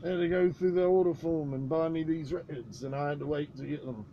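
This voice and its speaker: A man co-hosting a live-streamed podcast in rambling, excitable, profane casual chat. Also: on the high side, fast, lo-fi sound, a little hiss or hum. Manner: rambling, excitable, heavy swearing. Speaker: podcast co-host.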